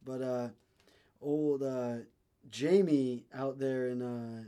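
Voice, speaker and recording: A man's voice: medium pitch, fairly even intonation, mellow, smooth. Podcast guy, stumbles a lot, uh and you know everywhere, crude jokes. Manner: halting, lots of fillers and laughter. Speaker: podcast co-host. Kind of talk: crude comedic banter.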